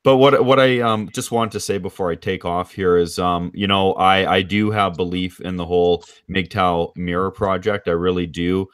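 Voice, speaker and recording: Very deep-voiced easygoing man from Canada. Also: steady tone, normal speed, few pauses, clear, resonant tone, no room sound, studio quality. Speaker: guest. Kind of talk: casual chat on a livestream.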